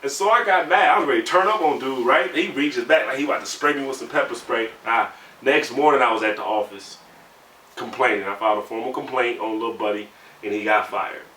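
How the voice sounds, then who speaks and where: Thirties man, conversational, heats up telling stories; bright timbre, recorded in a roomy space. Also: medium pitch, brisk. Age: 30s. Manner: conversational, heated when recounting, many "you know" fillers. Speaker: navy sailor interviewee. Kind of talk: candid personal storytelling. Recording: roomy sound, mic at a distance, faint background hum.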